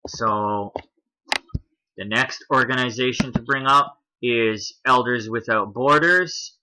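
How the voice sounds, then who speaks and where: A man's voice: mid-range voice, slow pace, background noise. A man hosting a commentary video, talking through a list on screen in a casual explaining way, with a Canadian accent.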